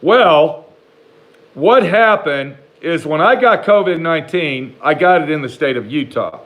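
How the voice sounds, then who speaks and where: A man telling a rambling personal story to the camera in a casual, animated way, swearing freely and talking back to imagined critics. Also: a little high, low-quality recording. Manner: profane, rambling, talks back to imagined haters; animated, jumps between slow emphasis and rushed asides.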